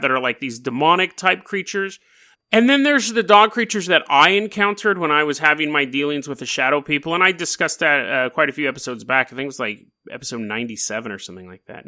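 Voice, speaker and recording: A man's voice: on the high side, quick pace, bright, forceful tone. A man hosting a paranormal storytelling podcast, telling the tale in a rambling, joking way. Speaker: podcast host.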